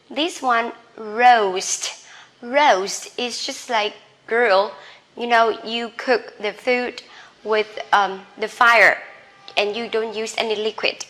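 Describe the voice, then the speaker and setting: Woman English teacher, slightly high voice, slow deliberate repetition drills. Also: sharp tone. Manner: repeats each word slowly for learners to copy; ends points with a checking "okay?".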